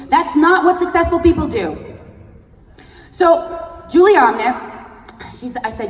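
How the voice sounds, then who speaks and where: A young woman giving a blunt, energetic motivational talk on stage and leading the crowd in chanted affirmations, heard in a large event hall. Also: on the high side, normal speed, pauses often. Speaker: sales team leader and motivational speaker. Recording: echoey hall recorded from far off.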